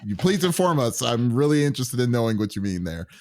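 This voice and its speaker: A man's voice: medium pitch, sing-song, fast, a little mellow. A man hosting a gaming podcast in casual chat, playful and hesitant, often restarting his sentences. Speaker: podcast host.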